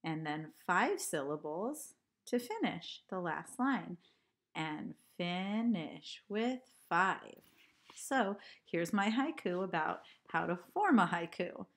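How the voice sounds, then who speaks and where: Woman teacher, unhurried, clear delivery, counting out syllables for kids. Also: fairly low pitch, sing-song, a bit bright. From California. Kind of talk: online art lesson for children.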